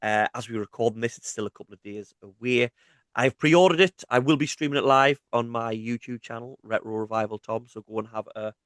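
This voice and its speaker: A man's voice: mid-range voice, no room sound. Mackem man, teasing podcast host. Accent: Mackem (Sunderland). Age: 30s. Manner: teasing, jokey banter. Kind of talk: casual gaming podcast chat.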